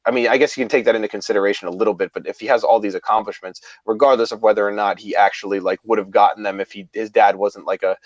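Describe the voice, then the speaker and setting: A man's voice: on the low side, fairly even intonation, rapid-fire, few pauses, no room sound, lo-fi sound. A man co-hosting a podcast, chatting casually and hedging with lots of "like". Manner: chatty, hedging with many likes. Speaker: podcast co-host.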